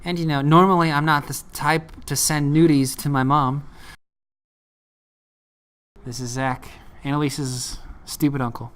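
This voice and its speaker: A man's voice: a little high, little pitch movement, measured pace, long pauses, a bit bright, clean tone. Laid-back rambling man telling a story. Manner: rambling, laid-back, full of "like" and "you know". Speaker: uncle telling his own story. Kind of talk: casual storytelling vlog.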